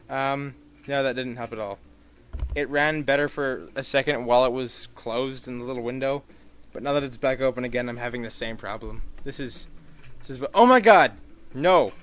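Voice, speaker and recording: A man giving gameplay commentary, swearing freely and swinging into mock-outraged rants and sudden shouts. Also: medium pitch.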